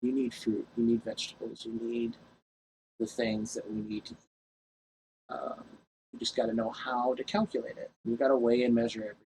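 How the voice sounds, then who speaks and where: A man's voice: medium pitch, flat delivery, a little fast, long pauses, dark tone, poor audio. Man talking to his own camera, loose and salty, mid-range voice, light hiss behind. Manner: rambling, profane, laughs at his own story. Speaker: vlogger. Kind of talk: casual storytelling to camera.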